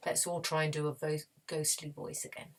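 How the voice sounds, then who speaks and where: A woman teaching a children's music lesson, gently and encouragingly, with playful voice demonstrations. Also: deep voice, little pitch movement, fairly quick. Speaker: primary school music teacher.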